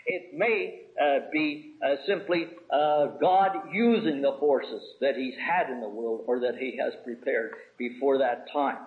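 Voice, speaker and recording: A man delivers a sermon, explaining carefully and filling his pauses with "uh". His voice sits a little high. The recording is thin and tinny, like a phone line. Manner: measured, explanatory, with frequent "uh" pauses. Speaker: preacher. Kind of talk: expository sermon.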